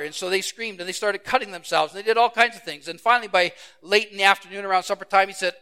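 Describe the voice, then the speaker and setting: A male pastor preaching a sermon. He tells a Bible story and acts out the characters' lines, moving between loud exclamations and hushed, quiet passages. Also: high-pitched, fast, few pauses, smooth.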